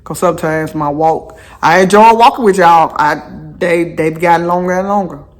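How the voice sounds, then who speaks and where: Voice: medium pitch, moderate pace. A vlogger talking casually to viewers while out on a walk, repeating phrases for emphasis and going off on chatty asides. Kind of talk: casual walking vlog talk. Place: outdoors on a walk.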